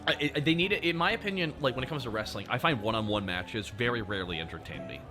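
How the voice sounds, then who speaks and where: A man hosting a stream, chatting casually in an animated, jokey, rambling way. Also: mid-range voice, quick pace, over music. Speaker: streamer host.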